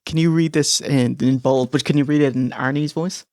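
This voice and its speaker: A man's voice: mid-range voice, fairly even intonation, moderate pace, darkish tone, no room sound, clean studio sound. An Irish man co-hosting a comedic review podcast, wry and joking, laughing often. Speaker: podcast co-host.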